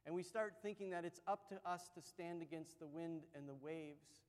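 Male pastor, high tenor, animated conversational sermon, long hall reverb. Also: moderate pace. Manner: conversational, animated storytelling with acted-out quotes.

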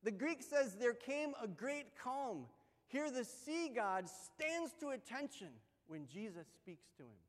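Male pastor, high tenor, animated conversational sermon, long hall reverb. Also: unhurried. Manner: conversational, animated storytelling with acted-out quotes.

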